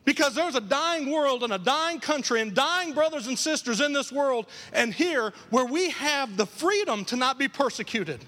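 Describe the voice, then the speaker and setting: High-voiced preacher in an echoing church. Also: male voice. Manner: animated preaching, acts out quoted voices, repeats lines for emphasis. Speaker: pastor. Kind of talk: sermon.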